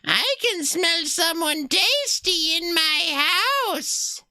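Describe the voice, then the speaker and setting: Man voicing a squeaky, high-pitched old granny witch from a retro adventure game, hungry for people and crooning slowly. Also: expressive, pushed and bright, exaggerated voice. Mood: gloating. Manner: slow, drawn-out croon.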